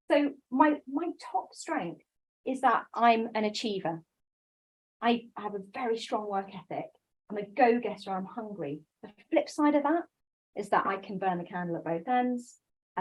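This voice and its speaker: A woman giving a conference talk on coaching, lively and self-deprecating, with quick quoted asides. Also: on the high side, slightly rough, low-quality recording. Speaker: coaching speaker.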